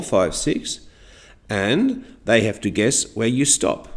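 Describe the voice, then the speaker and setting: A man teaching a class, giving slow, deliberate instructions and spelling and counting aloud for his pupils. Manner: exaggerated rising pitch on demonstration words.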